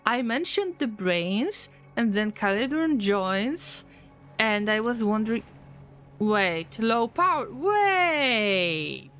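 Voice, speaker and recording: A woman with a fairly high voice streams a game and chats with her viewers, joking and teasing as she goes. Her pitch swings widely and she speaks slowly, drawing out her words. Faint music runs underneath. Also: lively intonation, fairly bright tone. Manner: playful, teasing, answers chat messages with jokes. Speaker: gaming streamer. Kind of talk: casual live-stream chat while playing.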